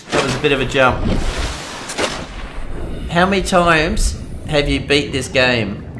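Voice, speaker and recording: Australian male streamer, mid-pitched, chatty and rambling, steady noise behind. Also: a little slow, pauses often. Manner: chatty, rambling, talks to viewers while playing. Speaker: game streamer. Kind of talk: casual live-stream chat.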